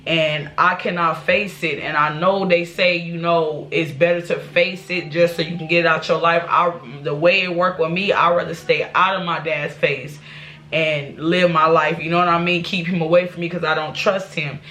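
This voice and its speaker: A woman's voice: on the low side, steady tone, moderate pace, a bit bright. A woman vlogger telling a personal life story to her viewers, candid and rambling, with restarts and asides. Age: adult.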